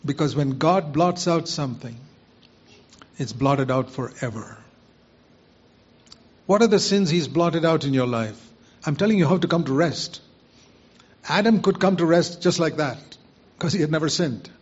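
A man's voice: fairly high pitch, expressive, unhurried, pauses often, breathy edge. A man preaching a sermon, earnestly putting rhetorical questions to his listeners. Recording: muffled lo-fi recording.

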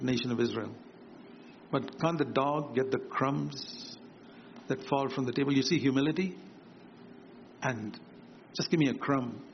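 A man's voice: gravelly, a little hiss or hum. A man preaching a sermon, emphatic and repetitive, lifting his voice for quoted words. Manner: emphatic, repeats key phrases, swings higher for quoted words. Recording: dull lo-fi sermon recording with faint ambience.

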